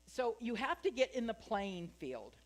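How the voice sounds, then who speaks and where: Woman minister, sermon, chatty and joking, voice a touch high, draws the congregation in with questions. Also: sing-song, unhurried. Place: spiritual center sanctuary.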